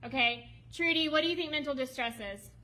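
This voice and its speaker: A woman presenting a ministry project to an audience, lively and emotional, prompting listeners to respond. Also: sits high, fairly quick, low-quality recording. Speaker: ministry speaker presenting a women's home. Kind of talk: talk to a seated audience with slides. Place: meeting room with tables.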